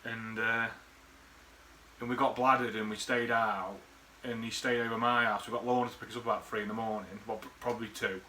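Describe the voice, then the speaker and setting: Guy, bright tense voice, rambling and sweary, faint background hiss. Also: lowish voice, steady tone, a little fast. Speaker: friend recording a birthday message. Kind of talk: casual rambling reminiscence.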